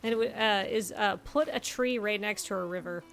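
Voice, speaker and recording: A woman's voice: medium pitch, normal speed, creaky, fairly bright tone, soft background music. A woman hosting a stream, chatting casually and enthusiastically, often gasping in delight. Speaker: stream host. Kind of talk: casual chat.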